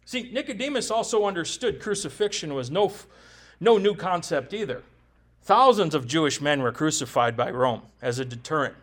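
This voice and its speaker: A man with a notably high voice preaches with conviction, pressing his points home with rhetorical questions. He keeps it conversational and throws in quick jokes. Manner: jokes with the congregation. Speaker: pastor. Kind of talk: sermon.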